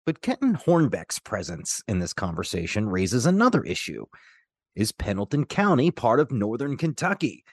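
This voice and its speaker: A man narrating a scripted news feature in a measured, clear way. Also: mid-range voice, huge pitch swings, no echo, clean studio sound. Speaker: radio reporter and narrator.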